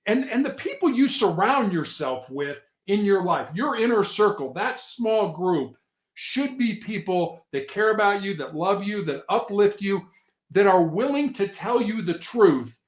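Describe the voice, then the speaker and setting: Man, guest author, earnest emphatic storyteller; a touch high, echoey room. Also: lively intonation, unhurried. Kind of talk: podcast interview.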